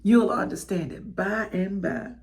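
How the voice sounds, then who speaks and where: A woman's voice: mid-range voice, measured pace, natural voice. A woman quoting a loving mama. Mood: reassuring. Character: loving older Southern mother giving advice.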